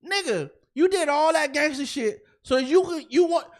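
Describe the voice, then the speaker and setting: A man's voice: extremely high pitch, expressive, moderate pace. A man co-hosting a comedy podcast, ranting in a heated, profane way and repeating himself when fired up. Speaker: podcast co-host.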